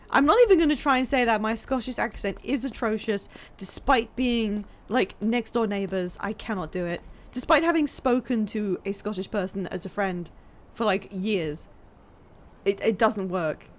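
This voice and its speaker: A woman's voice: medium pitch, moderate pace. A woman streaming a video game live, chatting and joking with her viewers as she plays. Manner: chatty, joking, talks to chat while playing. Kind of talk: casual live-stream gameplay commentary.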